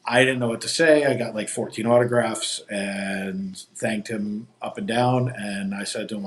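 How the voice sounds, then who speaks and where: A man chats casually on a live stream, drifting through long anecdotes full of ums and restarts. His voice sits a little low. He was recorded outdoors on a phone rig. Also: normal speed, hardly any pauses. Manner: rambling storyteller, many fillers. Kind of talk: casual chat. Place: outdoors at a theme park. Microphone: phone on a gimbal.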